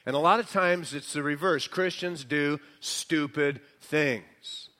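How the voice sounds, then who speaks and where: A man preaches a sermon in a slightly high voice. His delivery is slow and emphatic, leaning hard on key words. He sometimes drops into a quieter, conversational tone. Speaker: pastor.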